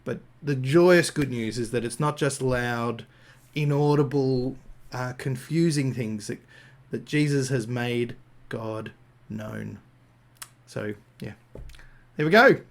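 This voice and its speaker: A man's voice: mid-range voice, takes it slowly, creaky, long pauses. An Australian man giving an improvised Christian talk, thinking aloud with frequent fillers and restarts. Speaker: Christian speaker.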